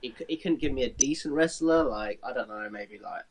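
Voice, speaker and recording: A man chatting on a podcast, with a casual, sweary way of talking. He gets upbeat when he thanks the listeners and plugs the show. His voice is an everyday mid-pitched one. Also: a little fast. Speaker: podcast co-host. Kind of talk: casual chat.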